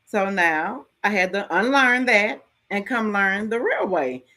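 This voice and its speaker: A middle-aged woman hosting a podcast, giving a frank, casual motivational talk and telling stories with lively ups and downs and some mild swearing. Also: mid-range voice, measured pace. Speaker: podcast host.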